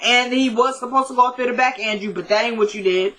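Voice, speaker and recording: Chatty woman recapping with a bright voice. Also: fairly high pitch, fast, low-quality recording. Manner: chatty retelling that acts out the characters' dialogue; blunt asides with mild swearing. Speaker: vlogger recapping a TV episode. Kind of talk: casual episode recap.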